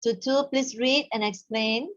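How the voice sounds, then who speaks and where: A woman's voice: a little high, steady tone, fairly bright tone, lo-fi sound. A woman teaching a Mandarin class online, instructive and slipping Malay words into her English. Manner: instructive, mixes in Malay words, models tones slowly.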